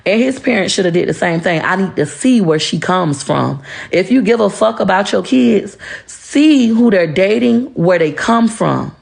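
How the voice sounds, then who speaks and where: A woman's voice: fairly low pitch, lively intonation, normal speed, creaky, few pauses. A woman delivering a blunt, profane, confrontational rant straight to camera, lecturing her listeners emphatically. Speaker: social media personality. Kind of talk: ranting to-camera monologue.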